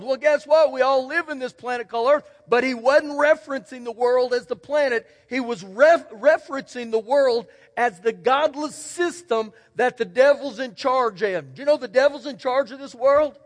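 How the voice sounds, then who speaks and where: A man preaching a sermon as pastor, folksy and emphatic, telling stories and repeating key words. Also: very high-pitched. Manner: folksy, storytelling, emphatic repetition. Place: church sanctuary. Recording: long church hall reverb.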